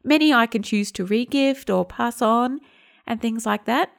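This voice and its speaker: A woman podcast host in her thirties tells a personal story in a relaxed, chatty way. Her voice sits a little high and has a gravelly, fried edge. She slips into the voices of the people she quotes. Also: measured pace. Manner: chatty, acts out quoted dialogue. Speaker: podcast host and home detox teacher.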